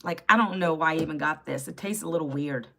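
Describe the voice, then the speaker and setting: A woman's voice: low voice, fast talker, creaky, pushed and bright, slight background noise. A woman in her fifties hosting a casual live stream, chatty and sassy as she greets viewers by name and answers the chat. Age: 50s. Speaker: livestream host. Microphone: phone.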